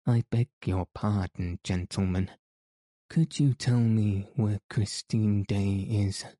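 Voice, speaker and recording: A man's voice: fairly low pitch, fairly even intonation, slow pace, dark tone, no room sound, clean studio sound. A man voicing a grief-stricken young nobleman in love in an audiobook, speaking in a sorrowful, pleading way.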